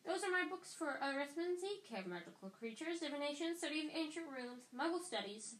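A woman's voice: high-pitched, animated, brisk, a bit bright, echoey room, voice pushed up. A woman voicing an earnest, serious young schoolgirl who scolds her friends, in a storybook reading.

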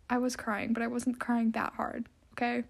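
A woman's voice: a little high, little pitch movement, takes it slowly, gravelly. A young woman hosting a casual solo podcast, rambling and chatty with lots of filler words. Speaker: podcast host.

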